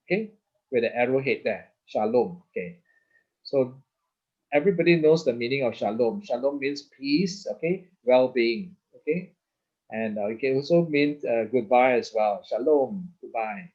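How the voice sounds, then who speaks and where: A man's voice: medium pitch, animated, moderate pace, highs cut off. Patient man teaching over a video call. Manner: patient, repeats words, frequent "okay?" checks. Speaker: Hebrew teacher. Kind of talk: online lesson with slides.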